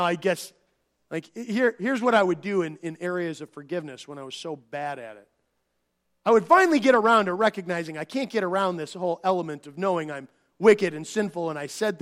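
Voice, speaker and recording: A pastor in middle age delivers a sermon in a high voice, earnest and conversational. He often restarts phrases and performs the dialogue he quotes.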